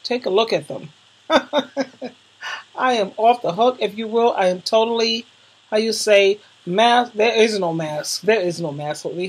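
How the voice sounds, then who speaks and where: Through a low-quality recording, a YouTuber with a husky, mid-range voice chats casually with viewers in a vlog, recommending videos. She gets effusive and emotional, leans on slangy emphasis, and addresses them as darling.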